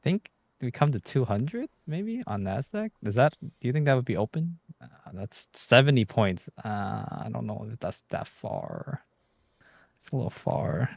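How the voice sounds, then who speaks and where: A man's voice: mid-range voice, sing-song, measured pace, gravelly, dry recording. Man muttering jokes over live trades. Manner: joking, mumbled asides and hums. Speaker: trading livestream host.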